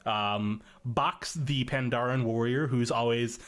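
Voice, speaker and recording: A man's voice: mid-range voice, steady tone, slow, a bit bright. A young man guest on a podcast, talking casually and rambling with many fillers. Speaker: podcast guest, machinima creator.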